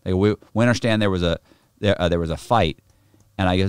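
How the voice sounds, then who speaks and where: A man's voice: low-pitched, fast talker, clear, resonant tone, dry recording, clean studio sound. A middle-aged man, a podcast guest, telling a story in casual, profane talk and acting out the people in it. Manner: profane, animated, acts out the other people in his story.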